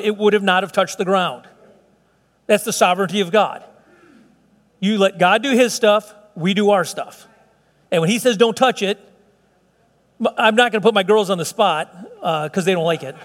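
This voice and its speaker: A middle-aged pastor with a high voice delivers a sermon in a casual, joking manner, stumbling and restarting as he goes. His voice carries a long church reverb. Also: fairly bright tone. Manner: conversational, playful asides with many restarts.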